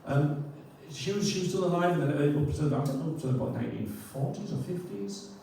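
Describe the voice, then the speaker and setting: A man chatting through a homely local tale, halting and self-deprecating, with lots of restarts. His voice is mellow and warm, sitting a little high, and it rings around a very echoey room from some distance off, with a faint hum behind. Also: lively intonation, gravelly. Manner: chatty, hesitant, self-deprecating, chuckles often. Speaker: poet and storyteller introducing a tune. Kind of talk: rambling spoken introduction. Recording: echoey room, mic far off.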